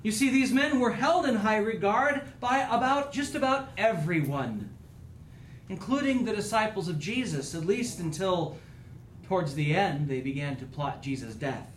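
High-voiced man preaching in an echoey church. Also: animated, moderate pace, slight background noise. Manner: earnest, rising and falling preaching cadence. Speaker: pastor. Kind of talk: sermon.

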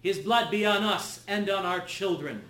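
A man voicing an angry crowd of men, calling out loud demands. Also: high-pitched, normal speed. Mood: insistent. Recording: echoey room.

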